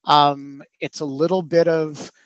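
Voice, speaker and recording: A man hosting a webinar, speaking haltingly with many hesitations. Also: fairly high pitch, level tone, dry recording, highs cut off. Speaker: host. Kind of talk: live outdoor address to webinar. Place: outdoors in a city street.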